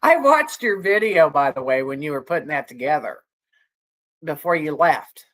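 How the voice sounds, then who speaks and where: A woman's voice: low voice, animated, normal speed, a bit bright. A woman co-hosting a casual livestream, chatting with viewers in a rambling way and laughing often. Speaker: livestream co-host.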